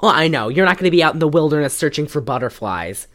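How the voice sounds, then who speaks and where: Woman, low pitch, casual podcast chat, animated plot recap, lots of "like". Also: fast. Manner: animated storytelling, frequent "like". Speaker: podcast co-host.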